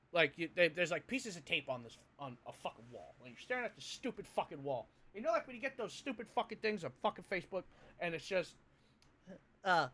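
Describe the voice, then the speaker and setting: A young man co-hosts a casual podcast with a high, bright and forceful voice. He tells stories in an animated, heavily profane way. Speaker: podcast co-host.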